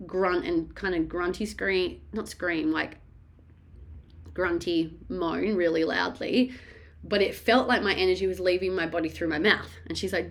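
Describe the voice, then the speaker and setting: A woman speaking in a slightly low voice, recounting her own birth story in candid, casual conversation. She talks frankly and with animation, and swears freely. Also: moderate pace.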